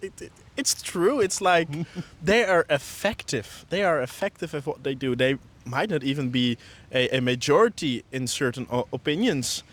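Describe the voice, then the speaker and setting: Amused man chatting, fairly high voice. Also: lively intonation, normal speed, a bit bright. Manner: amused, laughing along. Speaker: podcast co-host. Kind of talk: casual chat.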